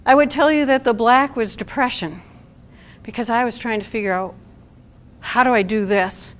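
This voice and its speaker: A woman's voice: on the high side, normal speed. A middle-aged woman giving a talk to an audience at a support event, conversational and asking the room questions.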